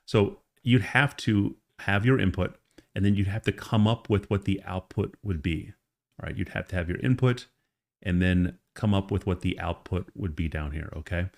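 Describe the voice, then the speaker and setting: A man's voice: deep voice, moderate pace, vocal fry. A man teaching an online course lesson, explaining in a casual, conversational way with frequent check-ins to the listener. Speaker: course instructor. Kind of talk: screen-recorded tutorial lesson.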